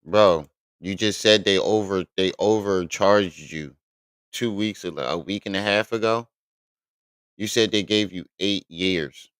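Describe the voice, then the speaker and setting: A man's voice: sits low, measured pace, fairly bright tone, clean tone, no room sound. A man hosting a live stream, reacting bluntly and with exasperation, swearing often.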